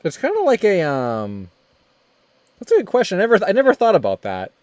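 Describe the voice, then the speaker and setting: A young man with a slightly high voice chats on a livestream while he draws. He rambles and restarts his sentences, laughing between them, and the sound is dry and close with no room echo. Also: wildly swooping pitch, darkish tone. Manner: rambling, halting, quick laughs. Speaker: streamer host. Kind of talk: casual livestream chat while drawing.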